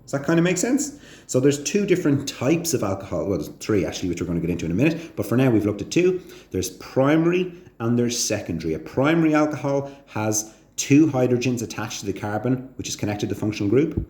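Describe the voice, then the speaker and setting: A man teaching a chatty chemistry lesson, often asking the viewer whether they can see the point and rising sharply in pitch on his questions. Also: lively intonation, quick pace, darkish tone. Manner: chatty, asks the viewer frequent check questions. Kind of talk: casual recorded chemistry lesson. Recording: echoey room sound.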